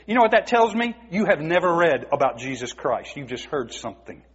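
A man's voice: fairly high pitch, sing-song, brisk, husky. A man preaching a sermon, emphatic and asking the congregation rhetorical questions. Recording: dull, muffled recording in a reverberant hall.

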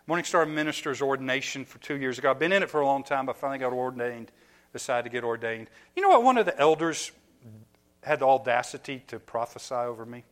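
A middle-aged man giving a sermon as a pastor, telling stories from his own life with lively, self-mocking laughter. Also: mid-range voice, fast talker. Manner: animated storytelling, laughing at himself.

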